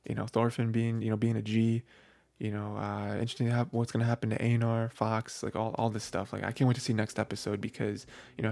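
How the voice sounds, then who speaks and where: Gravelly, rambling male podcast host. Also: medium pitch. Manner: rambling, heavy on filler phrases, excitable. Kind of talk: casual anime episode recap.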